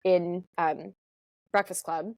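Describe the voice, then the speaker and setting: A woman's voice: fairly low pitch, steady tone, takes it slowly, vocal fry, a little mellow, no room sound. A woman co-hosting a movie podcast in casual chat, with dry, wry remarks. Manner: dry, wry, brief interjections. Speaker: podcast co-host.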